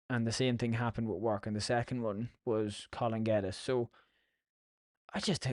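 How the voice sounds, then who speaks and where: A man's voice: mid-range voice, darkish tone, dry recording, studio quality. Sweary Irish man rambling casually. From Ireland. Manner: sweary, chatty storytelling. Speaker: podcast host.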